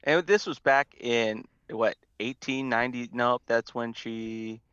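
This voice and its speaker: A man's voice: mid-range voice, measured pace, fairly bright tone, smooth, dry recording, highs cut off. A man from California with a Californian accent, co-hosting a casual podcast with laid-back joking banter. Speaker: podcast co-host. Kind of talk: casual chat.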